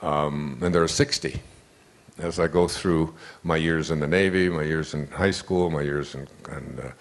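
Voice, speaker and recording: A man's voice: rumbling low, fairly even intonation, normal speed. An older man giving an inspirational lecture, telling a rambling story with restarts and asides. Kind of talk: inspirational lecture to a live audience.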